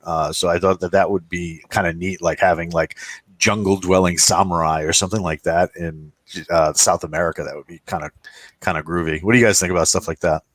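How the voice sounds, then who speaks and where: A man with a very low voice chats casually as a co-host, wandering through anecdotes with plenty of restarts. The sound is close and dry, with no room around it. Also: steady tone, brisk, fairly bright tone, no echo. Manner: rambling storyteller, acts out quoted voices. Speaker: podcast co-host. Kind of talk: casual roundtable chat.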